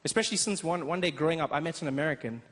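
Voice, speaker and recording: A man in his thirties with a South African accent, doing a playful stand-up set on a theater stage. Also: fairly high pitch. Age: 30s. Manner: animated, quick, playful storytelling. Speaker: stand-up comedian. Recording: echoey theater with crowd noise.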